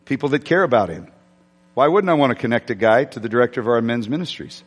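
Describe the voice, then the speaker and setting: A male pastor telling a story during a sermon, chatty and self-deprecating, with halting restarts. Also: mid-range voice, lively intonation. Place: church sanctuary. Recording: long hall reverb.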